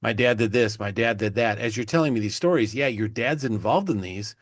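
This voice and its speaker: Low-voiced man asking rambling questions. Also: fairly quick, no echo, studio quality. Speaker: podcast host. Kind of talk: interview questions.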